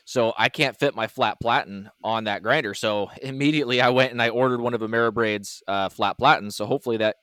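A man hosting a casual podcast, talking through his workshop gear in a relaxed, rambling way. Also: mid-range voice, brisk, hardly any pauses, smooth, no echo, studio quality. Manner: relaxed, rambling shop talk. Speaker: podcast host. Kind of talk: casual chat.

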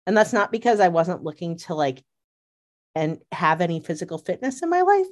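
A woman in casual fan chat, an animated storyteller who laughs often and fills her talk with "like.". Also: fairly low pitch, brisk. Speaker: podcast co-host.

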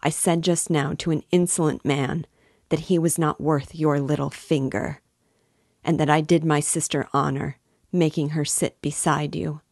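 A woman's voice: low-pitched, fairly even intonation, a little slow, gravelly, darkish tone, no echo, clean studio sound, heavily acted. A woman reading as a feverish, bitter young man. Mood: wild. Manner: intense, lecturing, almost in a frenzy.

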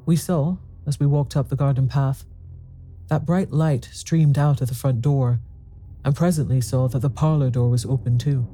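Storyteller: man, very dark warm tone, tense first-person ghost story reading. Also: medium pitch, fairly even intonation, moderate pace, soft background music.

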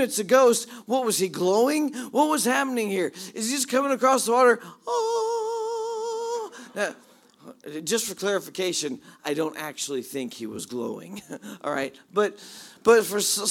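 Guy preaching, fairly high voice, gets all excited retelling the story then drops quiet. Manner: animated storyteller, jumps between hushed asides and excited retelling. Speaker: pastor. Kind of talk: sermon.

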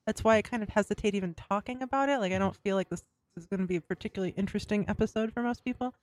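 A woman's voice: medium pitch, rapid-fire, a little mellow. Chatty self-deprecating woman guest. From Rust Belt, United States. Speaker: podcast guest. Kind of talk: casual interview chat.

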